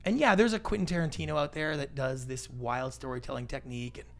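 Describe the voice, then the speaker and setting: Animated, gravelly storyteller man. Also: mid-range voice. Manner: animated storyteller, acts out quoted voices, quick asides. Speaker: podcast guest, pitching expert. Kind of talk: casual interview talk.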